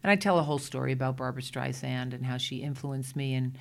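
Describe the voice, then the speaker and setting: A middle-aged woman with a Brooklyn accent, telling lively stories as a guest in a casual interview. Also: very deep voice, vocal fry. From Brooklyn, New York. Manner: chatty, animated anecdotes with quick restarts. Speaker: guest, Broadway performer.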